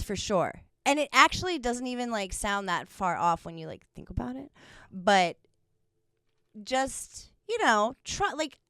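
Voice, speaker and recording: A woman's voice: mid-range voice, fairly bright tone, clean tone, dry recording, clean studio sound. A young woman co-hosting a podcast in casual chat, rambling with lots of fillers and frequent laughter. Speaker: podcast co-host.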